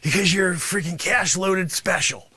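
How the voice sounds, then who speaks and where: A man playing a brash, greedy male martial arts sensei in an improvised comedy bit, boasting and berating his students with loud shouted bursts. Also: high voice, normal speed, breathy edge, no echo, pitched below the performer's own voice, full character voice. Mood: boastful. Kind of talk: improvised comedy character monologue.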